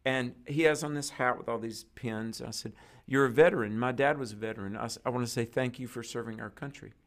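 Speaking at a quick pace in a mid-range voice, this guest preacher narrates a story in conversation. He animatedly performs the quoted dialogue of the people involved.

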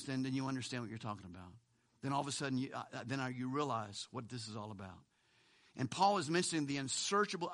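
A man pastor preaching a sermon in a conversational way, swinging between loud emphasis and hushed lines, with asides and chuckles. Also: high-pitched.

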